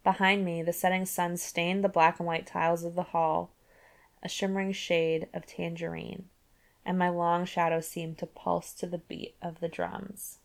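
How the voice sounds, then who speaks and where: A woman hosting a book club podcast, alternating between reading a novel aloud and breezily recapping it. Her voice sits fairly low for a woman, and her recaps are loose and conversational, full of "like". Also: level tone, normal speed. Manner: reads aloud, then recaps casually with laughs and "like". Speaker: podcast host.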